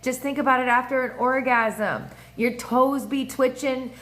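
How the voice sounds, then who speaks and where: Animated, profane woman livestreaming. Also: fairly high pitch, normal speed, few pauses. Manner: animated, profane, laughing asides and sing-song voices. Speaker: livestream host. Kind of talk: casual astrology livestream chat. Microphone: phone or webcam mic.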